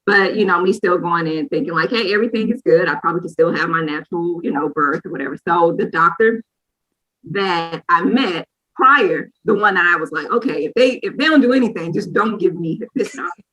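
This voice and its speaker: Woman in her 30s, clear bright voice, candid rambling storyteller, podcast co-host. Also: lowish voice, a little fast, low-quality recording. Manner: candid, rambling, frequent "or whatever" asides. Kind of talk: personal storytelling chat.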